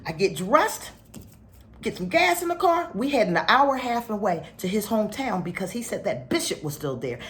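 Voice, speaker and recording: A woman's voice: mid-range voice, big pitch swings, moderate pace, fairly bright tone, a little hiss or hum. A middle-aged woman telling a personal story to her spiritual followers, dropping to a near whisper at heavy moments. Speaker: spiritual teacher.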